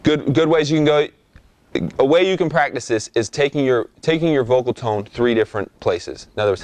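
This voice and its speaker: A man's voice: mid-range voice, brisk, a little mellow, dry recording. A young man giving a casual lesson on breath and voice for rapping, often checking in with "okay?" and demonstrating sounds. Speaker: rap vocal instructor. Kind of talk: instructional talk.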